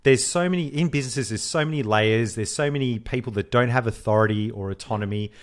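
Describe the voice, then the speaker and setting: A man, co-hosting a podcast and telling a story in casual chat, animated, swearing freely and acting out the voices he quotes. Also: mid-range voice, fast. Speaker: podcast co-host.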